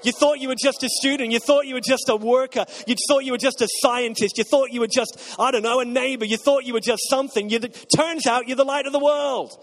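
A man's voice: very high-pitched, fairly even intonation, brisk, hardly any pauses. A man preaching a sermon as pastor, emphatic and repetitive, getting the congregation to repeat lines back. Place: church auditorium. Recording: long reverb of a large hall.

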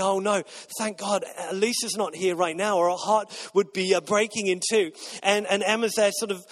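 High-voiced guy, 30s, preaching, rambly storytelling full of ums and restarts. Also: a bit bright. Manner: storytelling, halting with fillers and restarts. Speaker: pastor. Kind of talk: sermon.

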